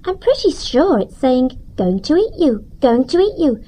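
Man doing a young girl mouse in a storybook; high falsetto, lively melody. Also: moderate pace, low-quality recording. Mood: earnest. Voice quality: high falsetto, sing-song. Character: bright young female mouse.

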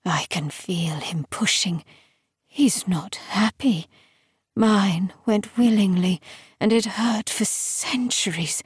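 A woman voicing an ancient undead female lictor in an audiobook, speaking slowly and quietly in a breathy half-whisper with a taunting, menacing manner. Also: medium pitch, no room sound, studio quality. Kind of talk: audiobook character voice.

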